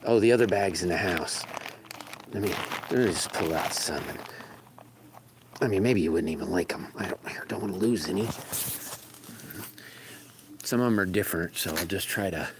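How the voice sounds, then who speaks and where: A man's voice: low-pitched, noisy background. A man hosting a casual live stream outdoors among his farm animals, rambling and trailing off mid-sentence, recorded on a phone. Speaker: livestream host.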